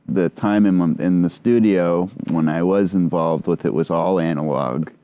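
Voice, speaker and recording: A man's voice: low voice, moderate pace, warm tone. A man joining a podcast chat, laid-back and dry, swearing casually.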